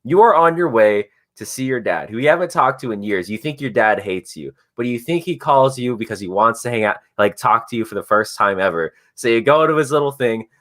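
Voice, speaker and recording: Podcast host, male, casual chat, acts out lines as he talks. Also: mid-range voice. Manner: animated storytelling with quick voiced asides.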